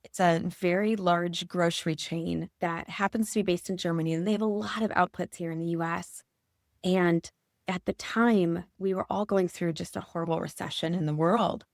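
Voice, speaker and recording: A woman in her forties from Michigan, speaking as a podcast guest. Her voice sits low and carries a gravelly fry. She recounts a personal story with earnest feeling, close and dry on the mic. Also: darkish tone, no echo. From Michigan, USA.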